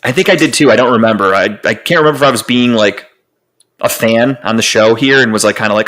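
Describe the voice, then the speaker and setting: A man's voice: mid-range voice, quick pace, fairly bright tone, poor audio. A man co-hosting a podcast, rambling through casual sports chat with lots of profanity and restarts. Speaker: podcast co-host.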